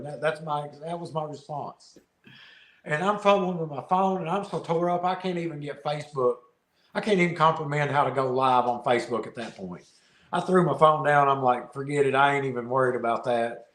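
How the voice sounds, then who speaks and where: A man guesting on a podcast, telling a fishing story in a casual, animated way, often laughing and repeating words. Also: on the high side, brisk. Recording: roomy echo.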